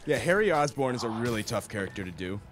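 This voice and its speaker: A man's voice: mid-range voice, big pitch swings, quick pace, soft background music. Man, casual couch chat, mid-range voice, laughs a lot, dry humor. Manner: laid-back, laughs often, dry jokes. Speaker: co-host on a gaming show.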